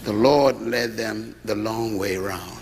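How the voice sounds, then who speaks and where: A middle-aged man preaching a sermon to an audience, lively, with rhetorical questions and humorous storytelling. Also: on the low side, slow pace. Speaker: pastor. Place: large hall with audience. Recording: echoey hall, faint ambience.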